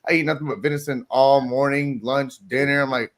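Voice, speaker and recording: A man's voice: mid-range voice, fairly even intonation, brisk, fairly bright tone. A man telling crude hunting stories in a casual chat, swearing freely and laughing often. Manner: crude, profane storyteller who laughs often.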